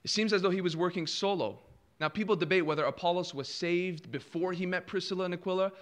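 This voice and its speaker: A man preaching a sermon, firing rhetorical questions and acting out quoted replies with sudden drops to a hush and swells in volume. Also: high-pitched, quick pace.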